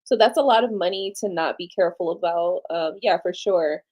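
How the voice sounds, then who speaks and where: A woman hosting a casual livestream, chatty and slangy, tired late at night, dropping to low murmurs and jumping to excited squeals. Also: brisk. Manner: chatty and slangy, talks to viewers as y'all. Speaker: livestream host.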